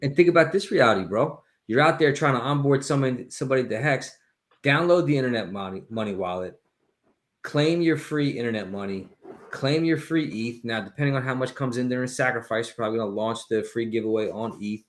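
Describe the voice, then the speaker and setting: A man talking enthusiastically on a casual crypto livestream, pitching an idea and calling everyone "man". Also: quick pace.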